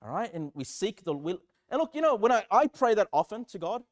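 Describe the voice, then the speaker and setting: Male pastor, high voice, earnest sermon delivery, acts out prayers. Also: big pitch swings, a little fast, few pauses. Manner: earnest, self-deprecating, acts out prayers aloud.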